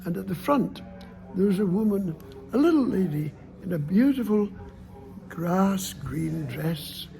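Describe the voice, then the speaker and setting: A man tells a folk tale aloud in a high, gravelly voice. He is playful and lively, with sound effects and sudden hushes. He keeps the pace warm and full of play. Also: a little slow, faint music behind. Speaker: storyteller. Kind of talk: oral folk storytelling.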